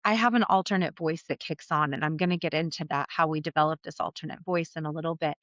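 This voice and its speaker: A woman's voice: low voice, fairly even intonation, fast, a bit bright, no echo, dull audio. A woman coach hosting her own podcast, talking candidly and conversationally and swearing casually. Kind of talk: solo podcast monologue.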